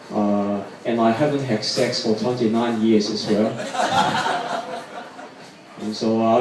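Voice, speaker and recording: A man in his twenties doing a stand-up set, deadpan and self-mocking, with lots of "you know, uh" fillers. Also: mid-range voice. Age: 20s. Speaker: stand-up comedian. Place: hotel pub venue, indoors, live audience. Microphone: far audience camera. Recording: echoey room, far mic, crowd noise.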